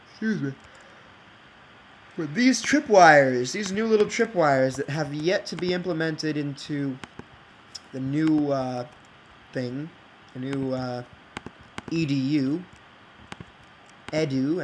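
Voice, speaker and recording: A man thinking out loud while building in a block game, rambling and hesitant, with many fillers and restarts. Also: on the high side, unhurried, long pauses, slight background noise, low-quality recording. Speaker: game video creator. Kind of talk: casual think-aloud game commentary.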